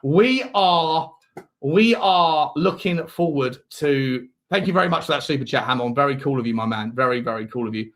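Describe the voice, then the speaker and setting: A man's voice: medium pitch, moderate pace, a bit bright. A man hosting a live football watch-along, chatting in a rambling way and reading out viewer messages. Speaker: host.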